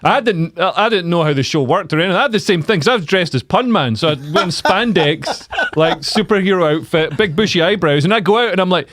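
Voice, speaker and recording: A man's voice: high-pitched, expressive, fast, few pauses, a bit bright. A man, a comedian co-hosting a podcast, telling jokey stories in casual chat. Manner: storytelling, jokey. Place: podcast studio.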